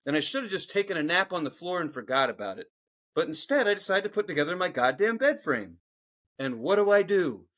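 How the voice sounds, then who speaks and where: A middle-aged man from Philadelphia rants through a profane story in casual podcast chat. His voice sits high and swings widely in pitch as he talks. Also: sing-song, a little fast, a bit bright. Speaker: podcast co-host.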